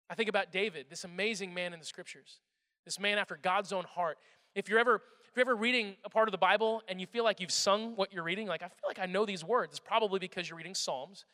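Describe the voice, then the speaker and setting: A young man preaching a sermon, telling a story with energy and swinging between loud and hushed delivery. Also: high-pitched. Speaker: pastor. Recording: echoey hall.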